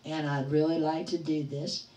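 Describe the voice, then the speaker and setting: Middle-aged woman host, chatty livestream storyteller, lively quoted voices, echoey room, mic at a distance. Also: low voice, moderate pace. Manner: animated storyteller acting out quoted voices, laughing often. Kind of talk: casual storytelling to live chat.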